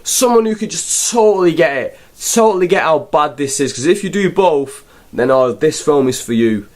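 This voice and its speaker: Animated man ranting casually. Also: a little high, normal speed. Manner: rambling, sarcastic, full of fillers. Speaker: film reviewer. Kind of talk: casual spoken review.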